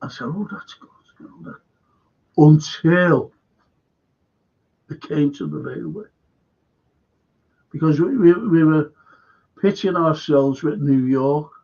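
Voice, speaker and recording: Gravelly, husky Liverpool man ranting. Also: fairly high pitch, takes it slowly, pauses often, a little mellow, highs cut off. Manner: swears heavily, rambling and heated. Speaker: live stream host. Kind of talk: casual rant to a live stream.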